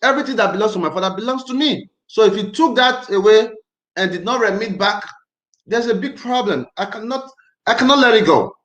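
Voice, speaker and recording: A man originally from Nigeria hosts a casual livestream, tense and angry, hammering his points home by repeating them. His voice sits high for a man. The room gives it a noticeable echo. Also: lively intonation, brisk, fairly bright tone, lo-fi sound. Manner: emphatic, repetitive, agitated. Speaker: livestream host.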